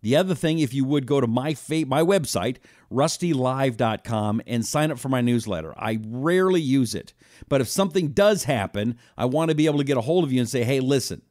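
A man's voice: medium pitch, lively intonation, a little fast, darkish tone, no echo, clean studio sound. A man hosting a live talk stream, chatting loosely with viewers, reading out their comments and making blunt asides. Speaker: host.

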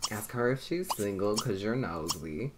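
A woman's voice: extremely low pitch, expressive, normal speed, background noise. A young adult woman giving casual commentary on her life-simulation game, chatty and laughing often, swearing freely. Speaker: gameplay commentator. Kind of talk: casual let's-play commentary. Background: loud game music.

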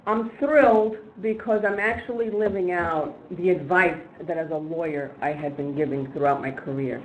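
Animated woman telling a story in an echoey room. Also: on the low side, narrow, tinny audio, a little hiss or hum. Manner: animated, laughing storyteller who acts out other people's lines. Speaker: speaker at a disability training. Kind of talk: storytelling talk. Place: training event room. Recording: echoey room with faint ambience.

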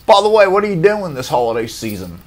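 Man putting on a high chipper dentist voice, overconfident, falsely friendly, sing-song. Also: big pitch swings, fast, a little hiss or hum. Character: cheerful overconfident middle-aged male dentist.

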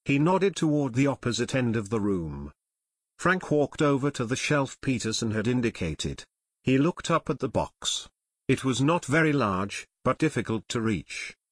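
A man's voice: medium pitch, sing-song, normal speed, breathy edge, no room sound. A man narrating an audiobook expressively, voicing every character.

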